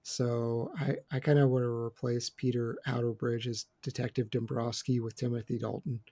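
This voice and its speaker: A man's voice: mid-range voice, flat delivery, normal speed, warm tone. A man co-hosting a casual film podcast roundtable, chatty and opinionated with joking asides. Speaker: podcast co-host.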